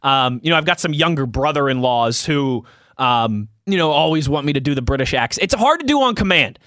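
Bright-voiced chatty sports host. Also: male voice, fairly high pitch, animated, brisk, dry recording, clean studio sound. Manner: chatty, loose, laughs easily. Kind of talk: casual chat, reading listener tweets.

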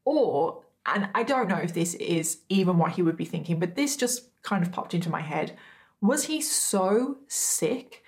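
A woman's voice: on the low side, animated, normal speed, few pauses. A woman hosting a true crime video, retelling a case casually with frequent asides to her viewers and emphatic disbelief.

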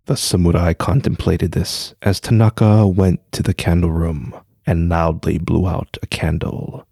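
A man narrating a scripted story in a measured, even delivery. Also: sits low, creaky, breathy edge, no room sound, studio quality.

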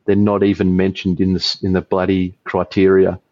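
A man's voice: low-pitched, completely flat delivery, brisk, darkish tone, dry recording, lo-fi sound. A man with an Australian accent, a podcast guest chatting casually over beers, rambling, swearing freely and laughing a lot.

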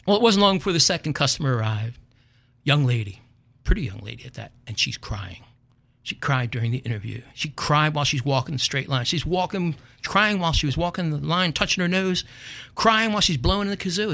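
Older man, podcast host, gravelly husky voice, lively swooping pitch, wry comic storytelling. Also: normal speed, pauses often. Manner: wry, animated, chuckles at his own story.

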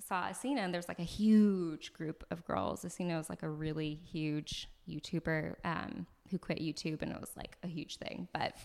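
A woman from Los Angeles, a podcast guest, telling a story in a chatty, animated way, full of likes and ums, recorded in an apartment. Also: low-pitched, normal speed, creaky, hardly any pauses. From Los Angeles, USA. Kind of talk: casual conversational storytelling. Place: floor of a new apartment.

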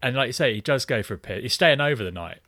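A man's voice: mid-range voice, fast, no room sound. Sweary man in a dry room. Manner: animated, swears freely, acts out film dialogue. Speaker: podcast co-host. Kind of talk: casual film chat.

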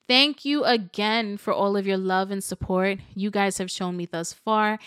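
A young woman hosting her own podcast, talking casually and warmly emotional as she thanks her listeners. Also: mid-range voice, smooth, no echo, clean studio sound. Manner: chatty, affectionate, emotional. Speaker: podcast host. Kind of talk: casual solo podcast outro.

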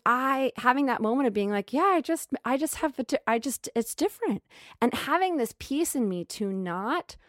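A woman talking in an earnest, emotional way about her spiritual growth. She often repeats phrases and goes soft and slow. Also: fairly high pitch, no room sound, clean studio sound. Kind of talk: reflective spiritual monologue.

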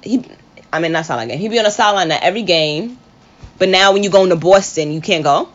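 Animated trash-talking woman, lo-fi recording. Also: lowish voice, fast talker. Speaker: podcast co-host. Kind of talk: casual sports chat. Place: late-night home podcast recording. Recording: dull lo-fi recording with faint background noise.

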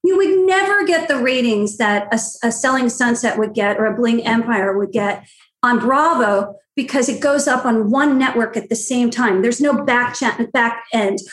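A high-pitched middle-aged woman tells stories with blunt, salty energy. She acts out other people's lines in a shrill voice. The sound rings a little in a roomy space. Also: normal speed. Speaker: matchmaker guest. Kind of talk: animated storytelling chat.

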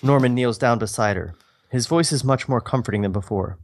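A man's voice: mid-range voice, brisk. A man co-hosting a podcast, reading his own old screenplay aloud with self-mocking asides. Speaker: podcast co-host.

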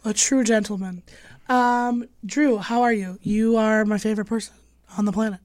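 A hoarse woman with laryngitis hosts a podcast in easy, casual chat, poking fun at herself as she goes. Her voice sits a little high and sounds dry and close, with no room around it. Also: fairly even intonation, moderate pace, darkish tone, no room sound. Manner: self-deprecating, joking. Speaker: podcast host.

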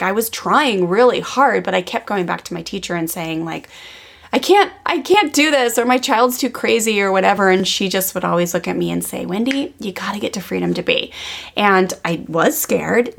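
Earnest woman with a gravelly edge. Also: medium pitch, fairly bright tone. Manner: earnest, casual, peppered with "like". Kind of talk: personal storytelling.

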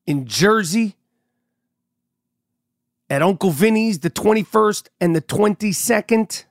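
A middle-aged man hosting a podcast, telling stories in an animated, profane way while sounding a bit sick and congested. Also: on the high side, no echo, studio quality. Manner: animated storyteller, swears freely. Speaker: podcast host. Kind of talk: casual monologue.

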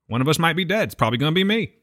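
A man's voice: fairly high pitch, big pitch swings, very fast, a bit bright. A man co-hosting a podcast in casual chat, laid-back and frank, often calling his partner dude. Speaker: podcast co-host.

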